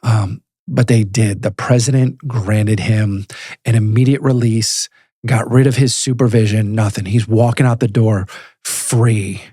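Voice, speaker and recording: Husky man telling an animated story. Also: lowish voice, unhurried, no echo, clean studio sound. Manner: animated storyteller who acts out phone calls. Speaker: guest, prisoner advocate. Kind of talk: storytelling in a podcast interview.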